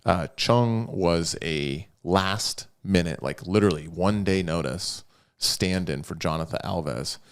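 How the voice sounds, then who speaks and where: A man with a deep, low voice co-hosts a casual podcast chat. He rambles through stories with jokey, animated bursts. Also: slow pace, hardly any pauses, clean tone. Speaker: podcast co-host.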